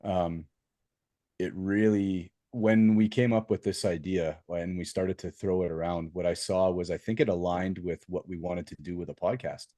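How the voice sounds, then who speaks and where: Man, middle-aged, podcast co-host, very deep voice, easygoing reflective casual chat, dry sound. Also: steady tone, moderate pace, warm tone, dry recording.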